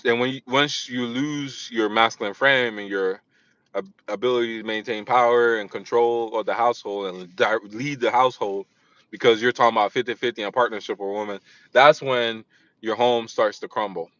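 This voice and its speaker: Guy rambling to camera, bright edgy voice, dull lo-fi dry sound, keeps restarting sentences. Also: medium pitch, fairly even intonation, normal speed, dry recording. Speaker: vlogger. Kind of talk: casual monologue.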